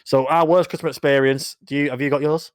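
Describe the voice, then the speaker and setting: A man's voice: fairly high pitch, fairly even intonation, quick pace, clean tone, no echo, studio quality. A young man, co-hosting a podcast in casual chat and asking follow-up questions. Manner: chatty, asks follow-up questions. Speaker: podcast co-host.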